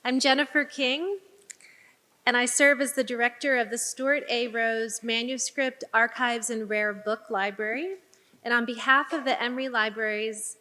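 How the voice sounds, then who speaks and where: Bright-voiced woman welcoming a hall audience. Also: a little high. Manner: gracious, listing thanks and names. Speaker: library director introducing the event. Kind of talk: formal welcome speech. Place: large performing arts hall. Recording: long hall reverb.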